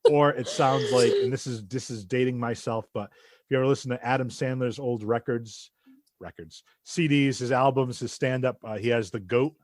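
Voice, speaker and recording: A man's voice: mid-range voice, fairly even intonation, moderate pace, a little mellow, no echo, clean studio sound. A man hosting a podcast, chatting casually and joking around. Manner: goofy, jokey, trails off into bits. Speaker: podcast host. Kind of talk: casual chat.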